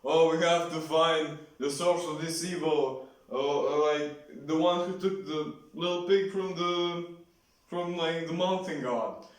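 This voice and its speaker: A man's voice: a little high, slow pace. A man doing an alarmed village preacher. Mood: urgent. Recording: very echoey room, far from mic.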